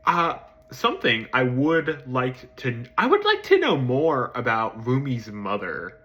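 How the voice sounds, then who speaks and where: Man, casual film review, animated pitch, bright voice, hesitant, restarts sentences. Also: measured pace, lo-fi sound. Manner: hesitant, many ums and restarts, casual swearing; jumps to excited high-pitched emphasis.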